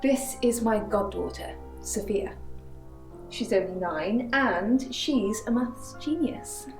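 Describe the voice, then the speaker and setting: A brisk woman, deadpan with a darkly funny edge. She sounds a little distant in an echoey room. Soft game music sits behind her. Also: on the high side. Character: brisk woman, godmother with dark humor. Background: faint game music.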